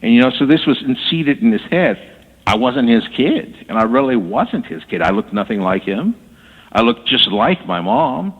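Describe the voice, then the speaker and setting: A man telling his story as a guest on a radio interview, halting and repeating words as he talks. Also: medium pitch, very animated, creaky, breathy edge. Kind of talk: casual storytelling. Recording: tinny phone line with long reverb.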